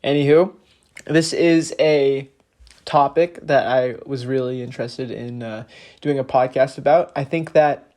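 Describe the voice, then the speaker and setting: A man's voice: medium pitch, darkish tone. Young man with a slight lisp. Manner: earnest, explanatory, with frequent fillers. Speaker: podcast host. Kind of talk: casual podcast talk.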